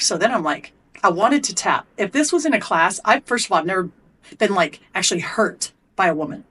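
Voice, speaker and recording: A middle-aged athlete and coach, guesting on a podcast, tells a story candidly and bluntly, swearing a lot as she animatedly relives it. Her mid-range voice moves fairly quickly and has a slight roughness.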